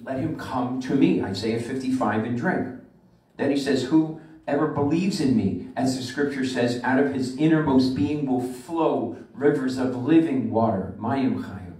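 A man, a rabbi, delivering a sermon with emphatic preaching that slows and swells on scripture, recorded in a synagogue sanctuary. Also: mid-range voice, a little mellow. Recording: echoey room from far off the mic.

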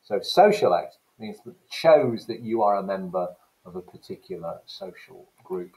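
A lowish-voiced man teaching English language in a recorded lesson. He explains each term with steady emphasis and sometimes mimics regional accents as examples. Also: moderate pace, rough recording.

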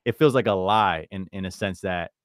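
A man's voice: deep voice, normal speed, dry recording, studio quality. A man coaching on brand and content in a laid-back, encouraging way, calling the other person "bro" and "man". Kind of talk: casual coaching conversation.

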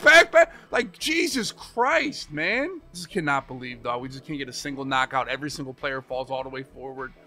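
A man streaming a football video game, swearing, yelling in frustration, then muttering low. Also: lively intonation, normal speed, hardly any pauses, dry recording. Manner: profane, swings from yelling rants to low muttering. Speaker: gaming streamer. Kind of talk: live gameplay commentary.

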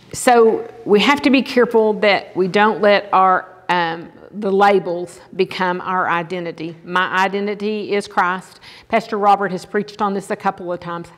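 An older woman giving an earnest, conversational chapel sermon, often checking in with "okay?". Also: medium pitch. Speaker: chapel speaker. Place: chapel hall. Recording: long hall reverb.

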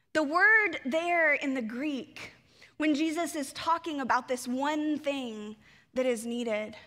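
Woman pastor preaching slowly in a reverberant church sanctuary, high voice. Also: a bit bright. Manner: reflective, asks the congregation rhetorical questions. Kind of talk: sermon.

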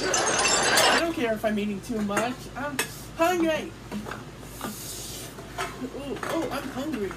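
Here is a woman with a high voice who talks slowly and playfully, breaking into squealy exclamations as she voices toy characters in a homemade skit. Steady hiss sits under the home recording. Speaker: hobby video host voicing toy characters.

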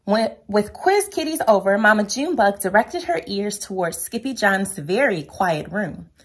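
A woman reading a children's picture book aloud at home, lively and playful, with a sing-song delivery. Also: mid-range voice, moderate pace, slightly rough.

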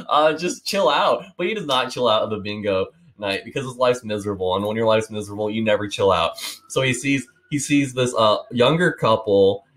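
A man's voice: on the low side, fairly quick, fairly bright tone. A man in his twenties giving a casual one-take book review, rambling and swearing as he talks. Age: 20s. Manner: rambling, swearing, laughing often.

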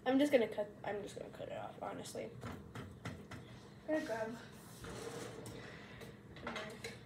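High-voiced woman chatting in a noisy kitchen. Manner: chatty, self-mocking, thinking aloud. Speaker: home cooking vlogger. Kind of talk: casual cooking tutorial chat. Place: home kitchen. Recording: kitchen fan noise behind. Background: loud kitchen fan.

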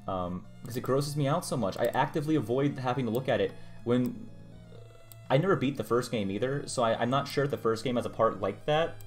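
A man's voice: mid-range voice, brisk. A young man streamer chatting casually while he draws, rambling and muttering to himself about his work. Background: music playing.

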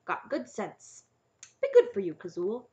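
A woman voicing a kindly, hard-of-hearing old male dragon with a gruff manner. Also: medium pitch, huge pitch swings, measured pace, warm tone. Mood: approving. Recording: slightly dull lo-fi audio.

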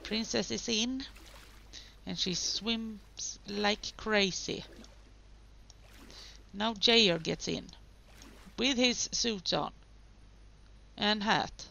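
Woman narrating her game slowly, kinda gravelly, talks to the characters, dull lo-fi mic. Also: mid-range voice, bright, forceful tone. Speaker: gaming video host. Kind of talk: casual gameplay commentary.

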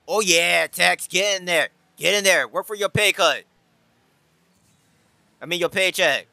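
Bright hyped-up gamer guy. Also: high-pitched, unhurried, gravelly, pauses often, dry recording. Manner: trash-talking teammates as a mock team boss, hype and yelling. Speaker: gaming YouTuber. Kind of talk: playful rocket league commentary.

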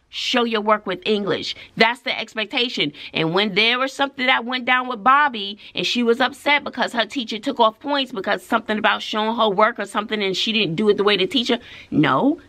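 A middle-aged woman, a schoolteacher, telling a story in a casual, sassy and emphatic way. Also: medium pitch. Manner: animated, sassy, emphatic, tosses in "honey" and "child". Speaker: vlogger and schoolteacher.

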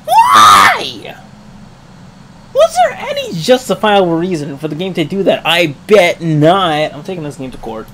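A man's voice: fairly high pitch, sing-song, moderate pace, few pauses, rough recording. A man hosting a let's play with jokey gaming commentary and dramatic mock complaints. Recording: game noise loud behind.

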